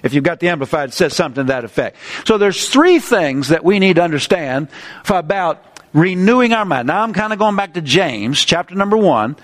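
A man preaching a sermon, animated, climbing in pitch on his points and chatting loosely between scripture readings. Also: fairly quick. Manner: animated preaching, rising pitch on emphasis, asides and restarts.

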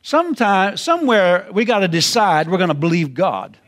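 A man preaching with a high voice. He talks in a folksy, repeating style and climbs toward ringing, shouted emphasis. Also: big pitch swings, normal speed. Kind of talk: sermon.

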